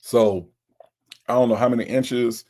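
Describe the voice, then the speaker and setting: A man's voice: mid-range voice, steady tone, measured pace, warm tone. A laid-back man from Florida, hosting a casual livestream chat and reading out viewer comments. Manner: laid-back, chatty, repeats himself, playful. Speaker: livestream host.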